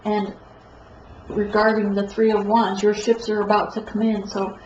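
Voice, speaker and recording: Woman tarot reader, congested, meandering and flat, echoey lo-fi room. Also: medium pitch. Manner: meandering, halting, self-correcting. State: stuffed-up nose. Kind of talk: tarot reading monologue. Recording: echoey room, dull lo-fi sound, faint noise.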